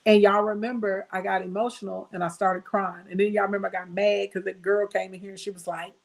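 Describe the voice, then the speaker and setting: A woman's voice: medium pitch, flat delivery, fast, gravelly. Chatty middle-aged American woman coaching viewers. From United States. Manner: emphatic, chatty, calls listeners "baby" and "y'all". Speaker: business coach and livestream host. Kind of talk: casual livestream talk to viewers.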